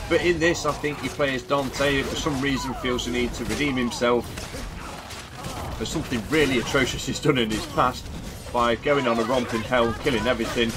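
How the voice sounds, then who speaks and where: A man gives casual, jokey commentary as he unboxes and plays games. His voice sits at an ordinary pitch for a man, and he breaks into sudden exclamations as he plays. Loud music runs underneath him throughout. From England. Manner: chatty and jokey, exclaims while playing. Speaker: gaming channel host.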